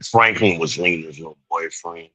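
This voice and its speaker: A man's voice: low-pitched, normal speed, sharp tone, slightly rough, no echo, rough recording. A man hosting a podcast, talking loosely with swearing and frequent laughs. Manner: loose, profane, laughs often. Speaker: podcast host. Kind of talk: casual chat.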